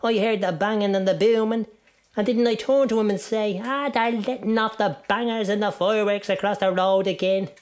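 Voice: moderate pace, close to an everyday voice. Someone doing a chatty old Irish woman. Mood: gossipy. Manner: folksy storytelling, lively pitch swings.

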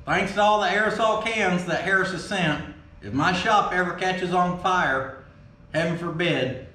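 Excitable folksy man, high voice. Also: a little slow. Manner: folksy, excitable, swears casually. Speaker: vlog host opening fan mail. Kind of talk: casual chat. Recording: roomy echo.

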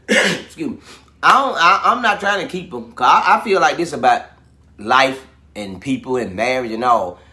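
A man bantering with his wife as co-host, animated and joking. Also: medium pitch, normal speed. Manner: animated, joking, Southern US vernacular. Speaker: co-host, husband. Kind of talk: casual banter.

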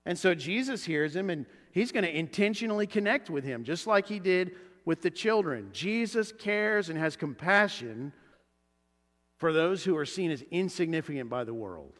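A man preaching a sermon as pastor, animated and acting out the voices he quotes. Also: sits high, moderate pace. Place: church sanctuary. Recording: church hall reverb.

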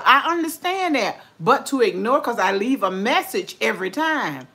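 Lively folksy older woman. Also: on the high side, normal speed, hardly any pauses. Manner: folksy, chatty, talks with mouth full. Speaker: vlogger. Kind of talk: casual livestream chat while eating.

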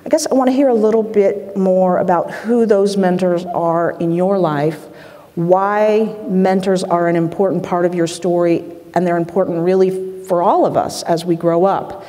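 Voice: medium pitch, fairly even intonation, normal speed, dark tone. A friendly interviewer asking questions in an onstage interview, with joking asides. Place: lecture hall with an audience. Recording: long reverb of a hall.

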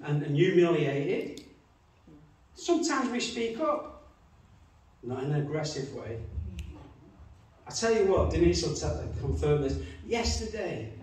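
A man's voice: high voice, a little mellow. A middle-aged man, preaching a sermon in a chatty storytelling way and acting out the quotes he tells. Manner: chatty anecdotes with acted-out quotes. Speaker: pastor. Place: church hall. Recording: echoey church hall from far off.

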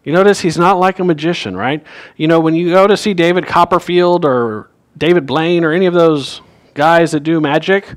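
In a church sanctuary, a male pastor with a voice on the high side preaches at a moderate pace. He tells a story conversationally, acting out the characters' lines as he goes.

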